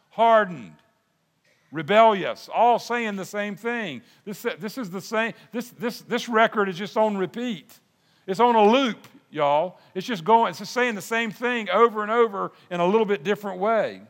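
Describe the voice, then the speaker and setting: An older man preaching a sermon, folksy and animated, with restarts and asides. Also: sits high. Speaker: pastor. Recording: long hall reverb.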